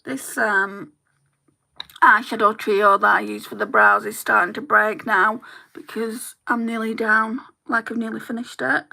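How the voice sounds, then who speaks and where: A chatty woman talks through her makeup routine, candid and conversational. Her voice sits a little high, with a sharp, bright tone and a noticeable vocal fry underneath. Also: steady tone, unhurried. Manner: chatty, candid storytelling with laughs. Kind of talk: casual chat while doing makeup.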